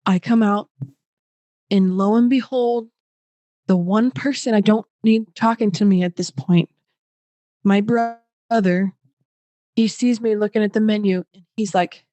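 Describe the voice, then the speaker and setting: A young woman guest on a podcast, telling a personal story in an animated way, full of fillers and acted-out quotes. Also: medium pitch, normal speed, no room sound. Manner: animated, acts out quoted voices; many fillers like "like".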